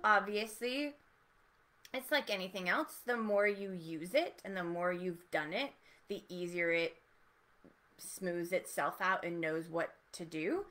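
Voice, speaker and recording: A woman voice teacher giving an encouraging, explanatory lesson with relaxed spoken demonstrations. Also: on the low side, measured pace, faint music behind. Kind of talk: online voice lesson.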